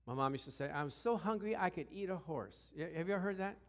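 A man preaching a sermon as pastor, lively and calling for responses from the congregation. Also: on the high side, fast.

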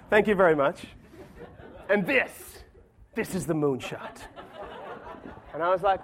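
Man, conference speaker, animated storyteller, pitched high. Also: a little slow, long pauses, a little hiss or hum. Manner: storytelling, self-deprecating, animated. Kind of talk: conference talk with anecdotes.

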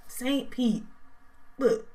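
A woman from Florida, chatting casually on a podcast in a sassy, lively way. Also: fairly high pitch. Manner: lively and sassy, with drawn-out exclamations.

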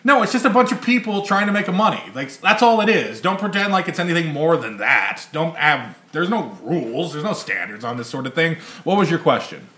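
A man's voice: a little high, very animated, brisk, hardly any pauses, pushed and bright, roomy sound. A man hosting a casual podcast chat, rambling, laughing often and swearing freely. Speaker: podcast host.

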